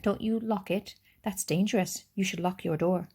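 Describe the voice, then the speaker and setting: A woman's voice: mid-range voice, steady tone, moderate pace, darkish tone, slightly rough, close to an everyday voice. A woman voicing a wary, cold boy who speaks curtly and matter-of-factly. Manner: curt, matter-of-fact.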